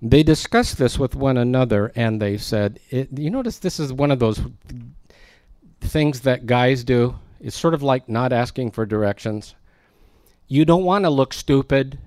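A man's voice: mid-range voice, measured pace, darkish tone, no room sound. A man preaching a verse-by-verse sermon in a conversational way, with joking asides to his congregation. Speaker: pastor. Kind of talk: expository sermon.

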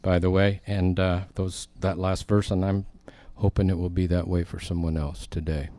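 Guy preaching a laid-back sermon, lowish mellow voice, dry close sound, throws in punchy asides. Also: little pitch movement, moderate pace, no room sound. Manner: conversational, with emphatic asides. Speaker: pastor.

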